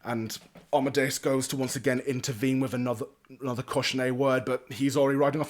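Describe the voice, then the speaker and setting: A man's voice: mid-range voice, level tone, fast. A man in the game master's chair who narrates the scene in a loose, casual way. His delivery is full of restarts and little hedges as he moves the story along. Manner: casual, with restarts and hedging fillers.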